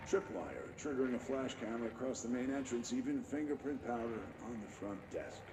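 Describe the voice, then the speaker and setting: A man voicing a federal agent in a video game, reading out a measured, procedural surveillance log. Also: mid-range voice, a crowd in the background, close to an everyday voice. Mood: weary. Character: male federal agent logging a stakeout.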